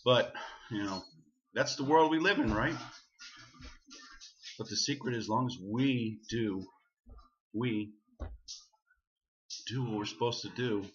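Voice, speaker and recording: A man's voice: mid-range voice, takes it slowly, pauses often, muffled recording. A man preaching casually to the camera in a vlog, earnest and repeating himself for emphasis. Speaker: vlogger.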